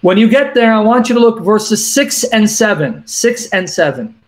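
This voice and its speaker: A man hosting a call-in show, emphatically explaining scripture, repeating references and reading verses slowly. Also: sits high, animated.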